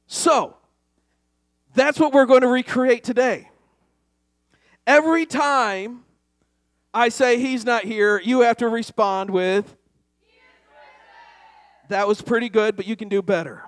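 A man's voice: very high voice, fairly even intonation, measured pace, long pauses, dry recording. Male pastor, raised voice, dry close sound, preaching to a church crowd with growing fervor. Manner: storytelling, building to loud call-and-response exhortation. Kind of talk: sermon. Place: church before a congregation.

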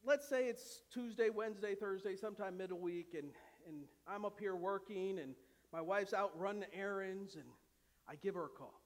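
High-voiced preacher in a reverberant church. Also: male voice, moderate pace. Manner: impassioned preaching, swings from loud to hushed. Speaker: pastor. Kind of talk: sermon. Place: church sanctuary. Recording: long reverb of a church hall.

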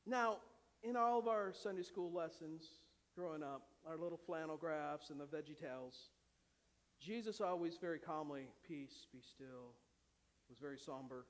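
A male pastor preaching a dramatic sermon, dropping to a hush and rising to shouts, with humorous asides. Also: on the high side, moderate pace. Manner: dramatic, swings from hushed to shouting. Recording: long hall reverb.

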